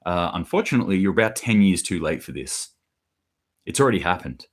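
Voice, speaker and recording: A man's voice: sits low, expressive, moderate pace. A middle-aged man hosting a solo news commentary, blunt and sarcastic, acting out quotes in mock voices.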